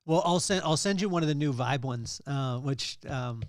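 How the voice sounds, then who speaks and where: A man's voice: a little high, normal speed, dry recording, clean studio sound. A man hosting a podcast in casual chat, teasing and playful. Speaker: podcast host.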